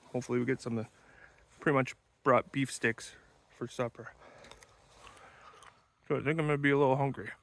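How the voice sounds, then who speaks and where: A man's voice: mid-range voice, gravelly, fairly bright tone, dry recording. A man talking casually to the camera while hiking outdoors, a bit out of breath and chatty about his trip. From Wisconsin. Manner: chatty, talking while walking and pulling a cart. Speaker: outdoors vlogger. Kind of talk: casual walk-and-talk vlog. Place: outdoors in the woods and at a riverbank.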